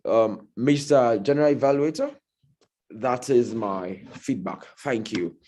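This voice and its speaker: A Nigerian man giving a measured, corrective language evaluation at a speaking club meeting. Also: mid-range voice, warm tone, slight background noise. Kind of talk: meeting feedback report.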